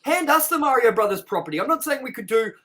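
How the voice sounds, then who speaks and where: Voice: medium pitch, expressive, quick pace, sharp tone. A movie-review co-host in casual chat, ranting with exasperation and plenty of swearing.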